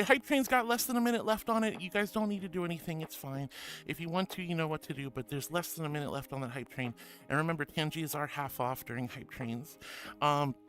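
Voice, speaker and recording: A man's voice: sits high, fairly bright tone. A man hosting a casual livestream, bubbly and affectionate, reading chat messages aloud and calling viewers honey and sweetheart. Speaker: streamer. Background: music.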